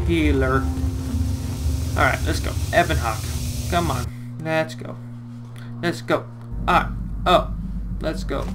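A man giving casual, excitable running commentary while playing a game, talking to himself and swearing mildly. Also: a little high, normal speed. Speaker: let's play host. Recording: clear music playing behind.

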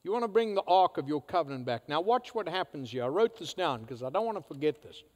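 A male pastor preaching a sermon, swinging from loud emphatic declarations to hushed, quiet asides. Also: on the high side, sing-song, fast talker. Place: church sanctuary. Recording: church hall reverb.

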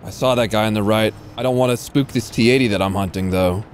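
A man's voice: lowish voice, fast talker, a little hiss or hum. A man casually commentating his own live gameplay, slangy and swearing freely. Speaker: streamer.

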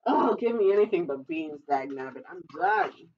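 A woman voicing a grumpy male giant who is sick of beans, complaining loudly. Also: on the low side, expressive, normal speed, highs cut off, voice pushed down. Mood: grumbling. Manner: loud complaining grumbles.

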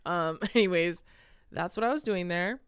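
A woman's voice: fairly low pitch, moderate pace, clear, resonant tone, no echo. A young woman co-hosting a casual podcast chat, laughing often and swearing freely. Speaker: podcast co-host.

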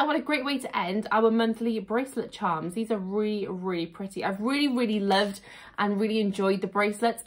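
A woman vlogger chatting casually at home while unboxing, gushing and excitable, often repeating "really, really". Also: mid-range voice.

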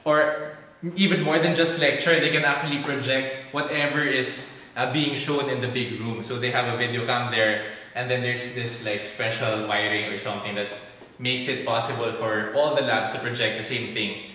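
A young adult Filipino medical student gives a chatty, playful tour of his school's indoor halls and labs, mixing English with Tagalog and dropping easy asides. His mid-range voice is pushed and bright, fairly even in intonation, at a normal speed, recorded from a distance in an echoey room.

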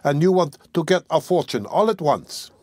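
A man's voice: animated, moderate pace, darkish tone, no echo. A man voicing a chatty peasant servant woman. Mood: teasing. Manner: chatty, teasing, higher-pitched. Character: talkative peasant woman servant, cheerful and nosy.

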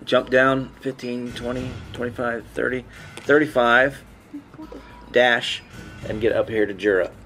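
A man playing in a tabletop role-playing game, talking bluntly and briskly and swearing casually as he counts out his move. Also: mid-range voice, steady tone, pushed and bright, faint music behind. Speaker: player.

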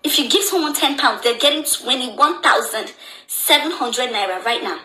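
A woman's voice: sits high, expressive, moderate pace, bright, forceful tone, roomy sound, poor audio. A young Nigerian woman with a Nigerian accent talks anxiously in a social media video, repeating her phrases again and again.

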